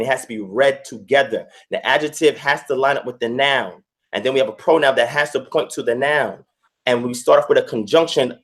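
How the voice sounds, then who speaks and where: A man giving an online scripture lesson on a video call, going over each point step by step and repeating it for emphasis. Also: mid-range voice. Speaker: guest teacher.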